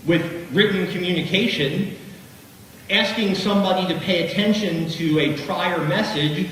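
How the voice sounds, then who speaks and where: A middle-aged man giving an animated, jokey keynote speech, talking straight to the crowd. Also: sits high, measured pace, a little hiss or hum. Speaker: keynote speaker. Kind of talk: motivational keynote speech to a live audience. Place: large hall. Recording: echoey hall from far off.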